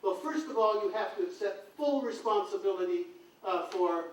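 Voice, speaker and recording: Emphatic high-voiced man in an echoey hall. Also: moderate pace. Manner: emphatic, repeats phrases for stress. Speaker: expert witness giving a talk. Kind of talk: impassioned public talk. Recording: echoey hall from far off, faint hiss.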